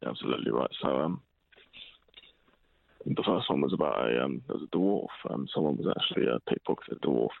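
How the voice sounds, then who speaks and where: A teenage boy phoning in jokes in a deadpan, hesitant voice forced very low and gravelly. He talks fast. It comes through a thin, tinny phone line. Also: dry recording. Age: teens. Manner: deadpan, hesitant, put-on deep voice. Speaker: caller. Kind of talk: deadpan joke telling.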